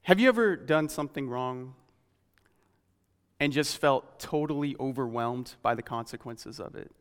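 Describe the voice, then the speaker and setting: A man preaching a sermon in an earnest, questioning way, slowing down when he reads scripture aloud. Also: mid-range voice, clear, resonant tone, big-room sound.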